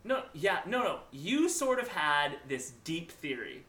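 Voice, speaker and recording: A man co-hosting a podcast, chatting casually and reacting in an animated way. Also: a little high, a little slow. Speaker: podcast co-host. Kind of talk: casual chat about a video game. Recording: echoey room.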